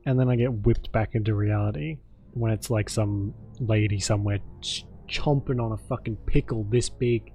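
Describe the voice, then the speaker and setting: A man's voice: mid-range voice, normal speed, a little mellow. Chatty male streamer. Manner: chatty, joking, thanks viewers. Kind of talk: casual gameplay commentary.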